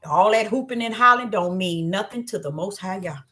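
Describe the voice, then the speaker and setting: A woman preaching an animated sermon, who acts out voices and swings between low murmurs and loud cries. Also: brisk. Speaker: self-styled prophetess. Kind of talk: preaching monologue.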